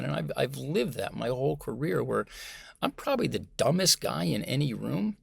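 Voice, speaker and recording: An American man, a communication professor, talking as a guest in a conversational interview, animated and emphatic. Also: medium pitch, vocal fry, breathy edge, dry recording. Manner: animated and emphatic, acts out example voices.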